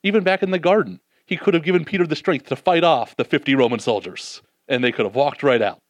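A man preaching a sermon, reading scripture and acting out the disciples' doubts in an animated way, then dropping soft and slow to reflect. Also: on the high side, no room sound.

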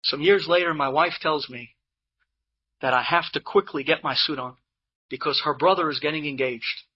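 A man telling an inspirational story to a live audience in an animated way, with Hebrew and Yiddish terms mixed in. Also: on the high side, normal speed, slightly rough, dull audio. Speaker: Torah speaker telling inspirational stories.

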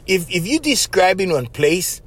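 A man with a Hawaiian Pidgin English accent, hosting a podcast and telling stories in a loose, animated way that is full of laughs. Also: high voice, measured pace, breathy edge. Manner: animated, laughing often, acts out voices, says "right?" after phrases. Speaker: podcast host. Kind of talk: casual storytelling monologue.

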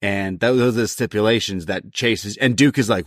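A man's voice: medium pitch, normal speed, a bit bright, dry recording, clean studio sound. A man co-hosting a podcast review, animatedly retelling scenes and slipping into put-on voices for the characters. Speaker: podcast co-host. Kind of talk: casual review chat.

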